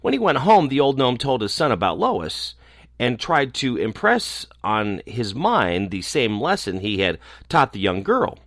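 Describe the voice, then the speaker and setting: A man reading a children's story aloud, expressive and animated. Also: mid-range voice, measured pace, no echo, clean studio sound.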